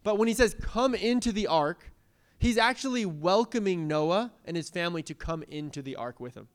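A man's voice: high-pitched, brisk, clean tone. A young man preaching a casual, conversational sermon and asking the congregation questions. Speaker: pastor.

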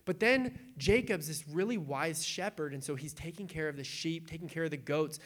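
A young adult man preaching in a casual, animated way, retelling scripture with acted-out quotes. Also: on the high side, moderate pace. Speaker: pastor.

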